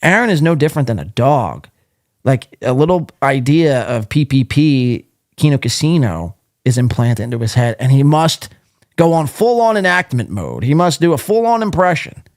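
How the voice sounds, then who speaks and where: Animated, mocking podcast host man. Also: mid-range voice, normal speed, no echo, clean studio sound. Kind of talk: live podcast commentary.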